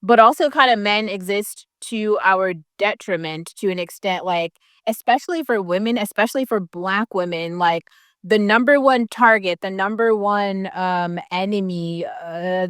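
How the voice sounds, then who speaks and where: This vlogger's voice is mid-range, a bit bright, clear, and resonant, and she speaks at a moderate pace. She rants casually and heatedly to camera, swearing a lot, leaning heavily on "like," and laughing partway through sentences. It's a studio-quality recording with no room sound.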